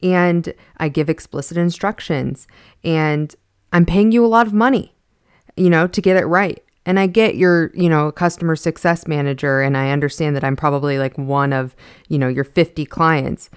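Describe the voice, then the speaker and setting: A woman's voice: low-pitched, normal speed, smooth, no echo. Woman, podcast host, casual monologue, frank and exasperated, swears, dry close sound.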